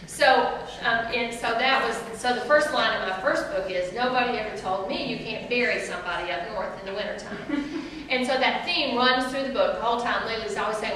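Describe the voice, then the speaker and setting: This is a storytelling talk from an author in her forties with a Southern US accent, chatting and laughing animatedly before a live audience she calls "y'all." Her fairly high voice keeps a moderate pace with hardly any pauses. The recording is noisy and echoey, made from a distant mic.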